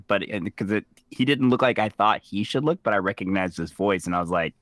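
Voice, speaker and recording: A man co-hosting a podcast, reacting in an animated, laughing way. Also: on the low side, brisk, hardly any pauses, no echo, studio quality. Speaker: podcast co-host. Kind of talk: casual chat.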